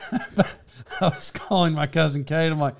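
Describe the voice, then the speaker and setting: A man's voice: on the high side, fairly even intonation, measured pace, gravelly. A man telling stories in casual chat, laughing often.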